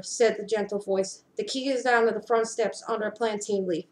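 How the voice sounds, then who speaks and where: A woman giving an intense dramatic reading of a story, slowing down for emphasis, recorded on a webcam at home. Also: medium pitch, steady tone, darkish tone. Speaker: reader. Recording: roomy echo.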